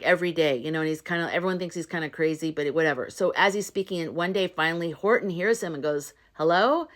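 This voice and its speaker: A woman retelling a story and urging her viewers, chatty and earnest, with loose restarts and fillers. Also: deep voice. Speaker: spiritual vlogger. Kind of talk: casual retelling and pep talk to viewers.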